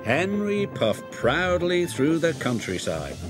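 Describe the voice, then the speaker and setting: Slow, very animated storybook narrator, man. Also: a little high. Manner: expressive, deliberate. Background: loud background music.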